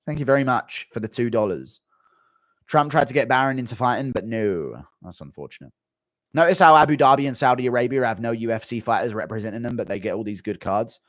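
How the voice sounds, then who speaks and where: A man's voice: mid-range voice, lively intonation, fast, dry recording, studio quality. Wry, jokey male streamer. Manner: wry, jokey, reading donations aloud. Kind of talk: casual live-stream commentary.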